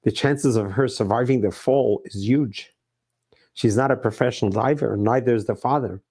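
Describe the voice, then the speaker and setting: A man's voice: mid-range voice, moderate pace, a little mellow, husky. A middle-aged man preaching as a rabbi, earnest and emphatic, repeating his phrases. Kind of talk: sermon.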